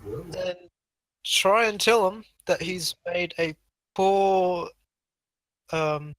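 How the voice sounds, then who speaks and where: A man playing a tabletop game, speaking hesitantly with many pauses. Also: high voice, a bit bright, no room sound, rough recording. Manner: hesitant, full of ums. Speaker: player.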